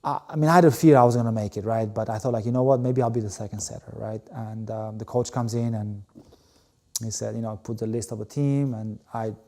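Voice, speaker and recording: A man's voice: lowish voice, steady tone, a little fast, mellow. A man, a guest telling his story emphatically in an interview, full of "you know" and repeated words. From Albania. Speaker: interview guest, former volleyball player. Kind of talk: animated storytelling in conversation.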